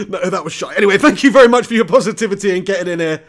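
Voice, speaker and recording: High-voiced English football fan. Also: male voice, very fast, few pauses. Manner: excitable, swears, laughs at own jokes. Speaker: fan watch-along host. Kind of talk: live football watch-along commentary.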